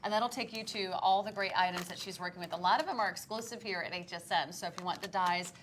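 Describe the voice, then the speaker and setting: A woman's voice: medium pitch, steady tone, quick pace, fairly bright tone, slight background noise. A woman hosting a live shopping broadcast, upbeat and encouraging, reading out viewer questions and pointing to products. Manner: upbeat, encouraging, short affirmations. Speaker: shopping channel host.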